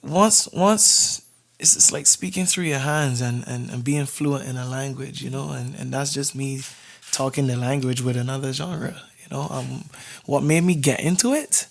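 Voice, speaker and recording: A man's voice: medium pitch, normal speed, creaky. A man from Barbados, a DJ guest, talking in a laid-back casual way, laughing easily and repeating words. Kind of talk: casual interview chat.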